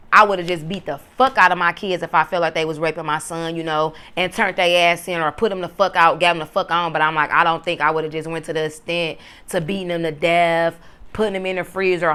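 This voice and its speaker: A woman who was once in prison, telling her story in a blunt, profane, animated way. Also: fairly low pitch, clean tone. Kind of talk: casual storytelling to camera.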